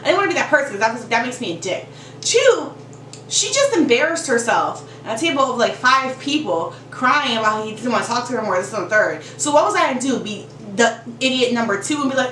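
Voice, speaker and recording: A young woman vlogger telling a story in a casual, animated way, full of "like" and quick asides. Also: high-pitched, echoey room, distant mic, a little hiss or hum, low-quality recording.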